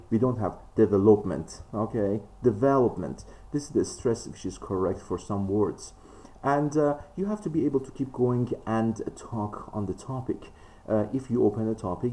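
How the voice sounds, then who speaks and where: Low-voiced man teaching with many fillers. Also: a little mellow. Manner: frequent fillers, emphatic rises in pitch. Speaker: English test teacher. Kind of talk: spoken lesson.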